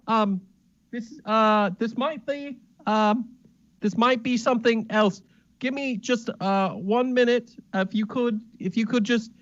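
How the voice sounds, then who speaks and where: A man doing a frantic, stammering, high-pitched party host. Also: a bit bright, lo-fi sound. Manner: stammering, pleading, nervous. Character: flustered fussy male host Smithington.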